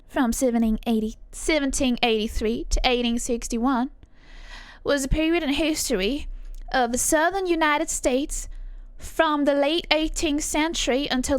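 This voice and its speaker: Young woman, streamer, casual, chatty, swears now and then, highish voice, dry sound. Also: smooth, no room sound. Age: young adult. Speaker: streamer teaching accents. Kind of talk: casual live-stream chat.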